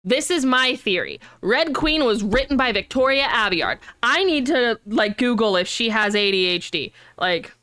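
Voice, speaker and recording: A young woman streamer chatting casually, animated and rambling, with frequent swearing. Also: fairly high pitch, normal speed, hardly any pauses.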